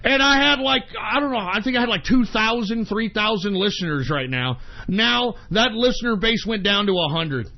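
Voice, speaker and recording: A man's voice: sits high, lively intonation, moderate pace, creaky. A man hosting an internet radio show, ranting in exasperation, swearing heavily and repeating himself. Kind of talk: angry on-air rant. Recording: dull lo-fi stream audio.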